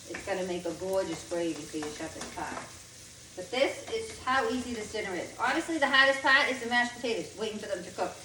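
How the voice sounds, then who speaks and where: Chatty woman cooking in an echoey kitchen. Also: a little high. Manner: chatty, enthusiastic, repeats words for emphasis. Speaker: home cook vlogger. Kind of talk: casual cooking vlog. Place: home kitchen. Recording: echoey kitchen, distant mic, noisy. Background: frying and sizzling.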